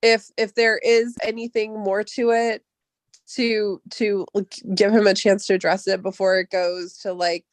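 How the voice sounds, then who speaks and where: A woman's voice: medium pitch, little pitch movement, measured pace, dry recording. A woman hosting a livestream, chatting casually on a group voice call in a rambling way with lots of fillers. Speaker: livestream host. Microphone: online voice call.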